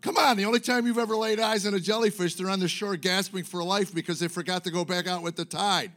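A man's voice: high-pitched, fairly even intonation, quick pace, fairly bright tone. A middle-aged man doing a stand-up comedy set on stage, telling rambling, self-mocking stories full of fillers. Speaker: stand-up comic. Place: comedy stage before a live audience.

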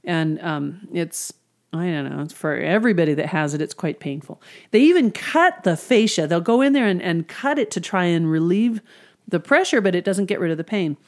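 A woman with a somewhat low voice talks as a hypnotherapist, recounting client sessions. She speaks earnestly and conversationally, with casual fillers along the way. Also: animated, normal speed, darkish tone. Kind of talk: storytelling about client sessions.

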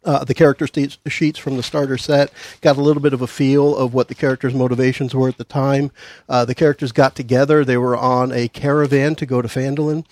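A man's voice: medium pitch, flat delivery, darkish tone, no echo. Male podcast host and game master, casual, dry close sound, some stumbles. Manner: halting, repeats words while recapping.

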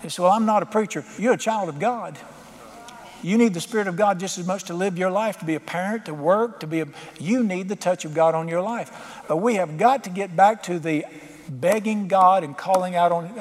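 High-voiced preacher in a reverberant hall. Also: male voice. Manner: storytelling preacher, rising to fervent emphasis. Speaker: pastor. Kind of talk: sermon.

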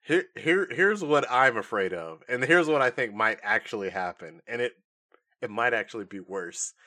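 A male podcast co-host chatting casually with a lively, swinging voice. He jokes around a lot and breaks into laughter often. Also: mid-range voice, normal speed. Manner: animated, laughs often, jokey. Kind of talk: casual chat.

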